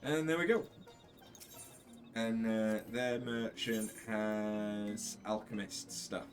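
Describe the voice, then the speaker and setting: A man giving casual gameplay commentary in a low-key, mumbled, wry way. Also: fairly even intonation, takes it slowly, soft background music. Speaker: gaming channel host.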